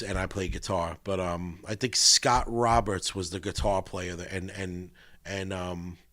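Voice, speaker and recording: A man's voice: sits low, dry recording, clean studio sound. A man as a podcast guest, telling rambling, swear-laden stories and acting out what others said. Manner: rambling storyteller acting out quotes, swears freely. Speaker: guest guitarist. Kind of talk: casual podcast interview.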